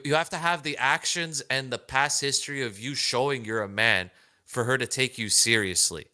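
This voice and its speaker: Man, casual chat co-host, earnest, emphatic, mid pitch. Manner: earnest, emphatic, pitch jumps when excited. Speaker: podcast co-host.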